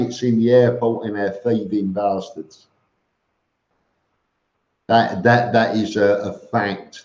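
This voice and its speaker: A man's voice: medium pitch, a little mellow. A man chatting casually on a live stream, reading out viewer comments and answering them bluntly, with lots of fillers and restarts and the odd "mate". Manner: blunt and matter-of-fact, says "mate". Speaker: vlogger answering live chat. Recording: roomy, dull lo-fi stream audio.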